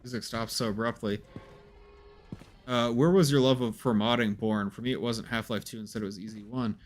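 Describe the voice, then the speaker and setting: A man giving casual gameplay commentary on a stream, rambling and hesitant as he thinks aloud. His pitch sits mid-range, with faint noise behind him. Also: steady tone, a little fast.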